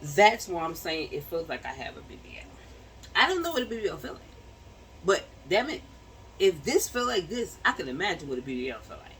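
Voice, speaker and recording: A woman's voice: on the low side, big pitch swings, fairly quick, fairly bright tone, recorded from a distance, slight background noise, low-quality recording. Chatty slangy woman vlogging from home. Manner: chatty, slangy, laughs often. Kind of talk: casual chat to the camera. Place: home bedroom.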